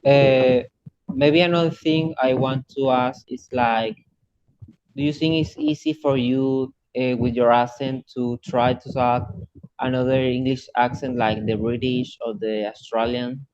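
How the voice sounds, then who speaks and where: Man speaking careful, halting English. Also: medium pitch, fairly even intonation, a little mellow. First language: Spanish. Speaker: English learner. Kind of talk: casual video call chat. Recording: muffled video call audio, faint hiss.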